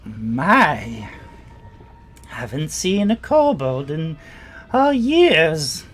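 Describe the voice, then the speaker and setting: Woman playing a sly old crone, drawn-out lilting delivery. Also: low-pitched, sing-song, full character voice. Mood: sly courtly. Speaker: player voicing a crone.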